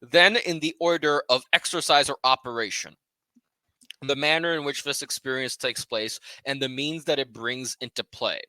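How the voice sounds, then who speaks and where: Podcast co-host, male, reads a philosophy text aloud then riffs on it loosely, very bright and forceful tone, dry close-mic sound. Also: medium pitch, moderate pace, dry recording. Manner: reads passages then comments loosely, swears and laughs at himself. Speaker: podcast co-host leading a book club reading. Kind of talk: casual philosophical book discussion, reading passages aloud.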